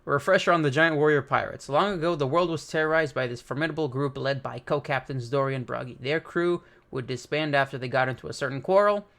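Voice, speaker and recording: A man's voice: medium pitch, fast talker, creaky, hardly any pauses, fairly bright tone. A man hosting a manga reaction video, reading the chapter aloud and dropping casual comments between the lines. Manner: casual, reads dialogue aloud with light commentary.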